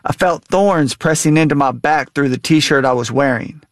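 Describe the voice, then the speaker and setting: A man in his thirties, a guest author, reading from his memoir and answering interview questions in an earnest, measured way. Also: a little high, dry recording.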